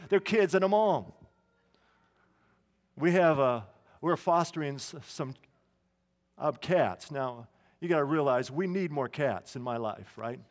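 A high-pitched man preaching a sermon, talking to the congregation conversationally with asides and restarts. His voice carries a long reverb through a church hall. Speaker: pastor.

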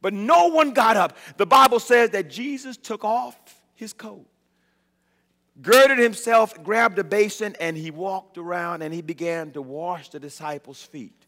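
A man preaching a sermon, telling the story dramatically and building up to shouted points. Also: high voice, measured pace. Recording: long reverb of a large hall.

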